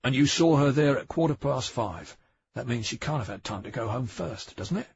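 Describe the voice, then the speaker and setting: A man voicing a patient, methodical male police detective who spells things out deliberately and emphatically. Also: mid-range voice, expressive, creaky, a little mellow, slight background noise, voice pushed up. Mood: questioning. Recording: dry, dull audiobook recording.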